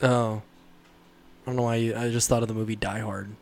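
A man's voice: fairly low pitch, steady tone, a little fast. A man chatting casually about movies, rambling with lots of fillers and laughing often. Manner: rambling, laughing, mimics voices in quotes.

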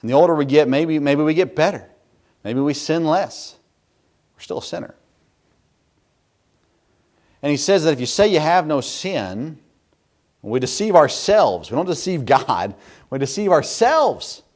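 A man in his thirties delivers a sermon as a pastor. His pitch moves a lot, climbing high when he is emphatic and dropping low and quiet when he turns confessional. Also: animated, normal speed. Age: 30s. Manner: swings from loud emphatic preaching to soft hushed confession.

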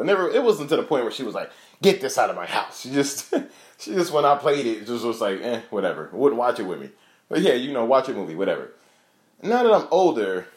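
A man's voice: medium pitch, husky. A man in his thirties delivering a profane, comedic rant with laughing asides. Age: 30s. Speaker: comedian host.

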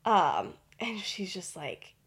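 A woman's voice: medium pitch, sing-song, slow, slightly rough. A young woman casually telling a fan-fiction story on a podcast, chatty and giggly, with many fillers.

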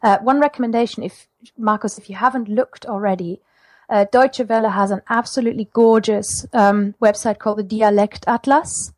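A woman's voice: mid-range voice, fairly even intonation, moderate pace, a little mellow, no room sound. A woman from Germany, a language teacher guesting on a podcast, chatting enthusiastically with many fillers. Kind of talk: casual podcast interview.

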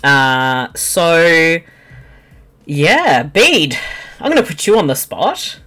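A woman's voice: low voice, very animated, extremely slow, fairly bright tone, faint music behind. A woman hosting a podcast in playful, casual chat. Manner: playful, laughs easily. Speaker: podcast host.

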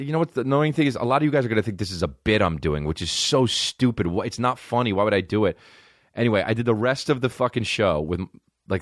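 A young man hosting a comedy podcast, telling a long story in a loose, rambling way that is thick with swearing. He jumps into the voices of the people he quotes and keeps talking over his own restarts. His voice sits on the low side, and the recording is close and dry with no room sound. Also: no room sound.

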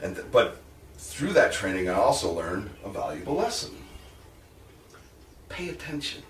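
Animated man telling wrestling stories, roomy sound. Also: lowish voice, normal speed. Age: 40s or older. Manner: animated storyteller who acts out quotes, swears and laughs often. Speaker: guest, wrestling manager and comic hypnotist. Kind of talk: casual storytelling interview. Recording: roomy echo from a distant mic with faint noise.

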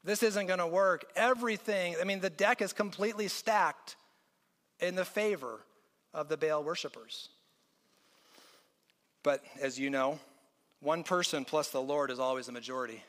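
A man's voice: on the high side, fairly even intonation, moderate pace, long pauses, a bit bright. A man preaching a conversational sermon as pastor, mixing jokes with readings from scripture. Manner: conversational and joking, reads scripture aloud. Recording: long hall reverb.

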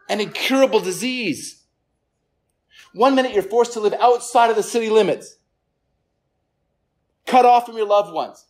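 A pastor preaching a sermon to a gathered congregation. The delivery is earnest, often repeats words, and falls quiet for emphasis. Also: mid-range voice. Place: church service room with listeners.

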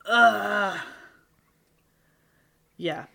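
A woman's voice: medium pitch, very slow, gravelly, sharp tone. A woman in casual conversation, talking in an indignant, exasperated way, often breaking into laughter. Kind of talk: casual book discussion chat.

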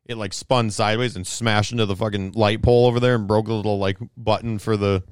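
Smooth-voiced young man telling rambling stories. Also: fairly low pitch, little pitch movement, fast, dry recording, studio quality. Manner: rambling storyteller, swears freely, laughs often. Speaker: podcast co-host. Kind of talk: casual chat.

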